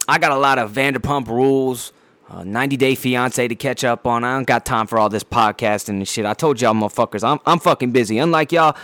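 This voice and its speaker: A man's voice: mid-range voice, dry recording. A man hosting a casual solo podcast, ranting bluntly with heavy swearing, frequent fillers and repeated words. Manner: heavy profanity, blunt and animated. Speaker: podcast host.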